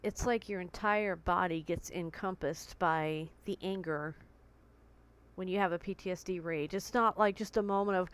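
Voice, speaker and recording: Recording on a tablet in her bedroom, a woman talks to camera in a candid, conversational way, reaching for vivid comparisons. Her voice is medium in pitch with a clean tone, and her pace is moderate.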